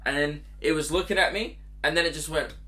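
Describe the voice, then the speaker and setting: A man's voice: a little high, fairly even intonation, brisk, bright, forceful tone. A young man hosting his own podcast, rambling through crude, giggly stories in a casual solo monologue. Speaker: podcast host.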